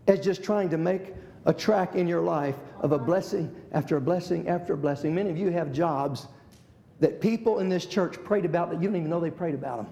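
A man's voice: a little high, normal speed, gravelly, warm tone, roomy sound, some chatter behind, a little hiss or hum. A man preaching a sermon as pastor, repeating phrases and calling out amen and hallelujah. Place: church.

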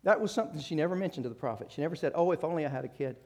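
Male preacher, slightly higher voice, storytelling sermon that swings from loud and rising to quiet. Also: animated, racing. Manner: storytelling with acted quotes and restarts.

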